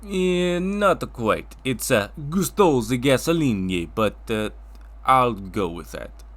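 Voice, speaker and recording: A man voicing a proud Italian businessman in a comedic talk show sketch, with a put-on Italian accent and slow, sing-song speech. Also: mid-range voice, huge pitch swings, fairly bright tone, pitched below the performer's own voice, full character voice. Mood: cheerful, proud. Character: boastful Italian businessman with very long name, adult man.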